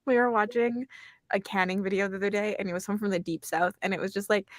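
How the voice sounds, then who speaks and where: A woman's voice: medium pitch, steady tone, quick pace, dry recording, studio quality. A woman hosting a casual livestream chat, talkative and laughing easily. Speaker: host.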